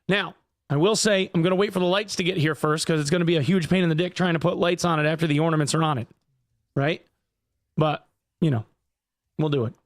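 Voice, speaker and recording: A man's voice: on the high side, fast talker, no room sound, studio quality. A man streaming live, chatting casually with viewers, jokey and profane. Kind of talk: casual livestream chat.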